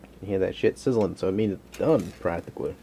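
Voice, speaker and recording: A man's voice: sits low, fast talker, warm tone, slight background noise. A man hosting a casual home cooking vlog from his kitchen, rambling and joking as he cooks and chats to his dog.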